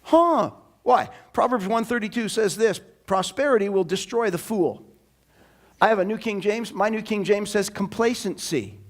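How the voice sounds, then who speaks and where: A man with a strikingly high voice delivers a church sermon. His preaching is animated and emphatic, with sudden loud bursts for emphasis. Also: moderate pace. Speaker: pastor.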